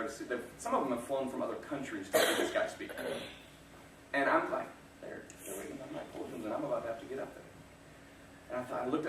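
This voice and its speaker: A man's voice: mid-range voice, fairly bright tone, a little hiss or hum. A man giving a motivational talk to an audience, telling self-deprecating stories and chuckling often. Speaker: guest speaker. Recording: echoey room, distant mic.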